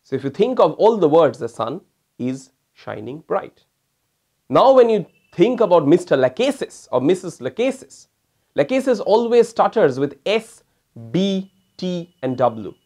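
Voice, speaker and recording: A man with a fairly high voice lectures as a homeopathic doctor. He talks to his listeners as "my friends" and explains his points with demonstrations. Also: sing-song, moderate pace, warm tone. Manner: addresses listeners as "my friends", mimics stammering patients to demonstrate. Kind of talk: recorded lecture.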